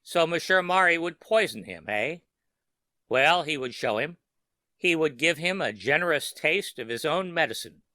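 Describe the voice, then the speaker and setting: A man narrating a scripted horror story for sleep in a steady, measured way. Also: on the high side, no echo.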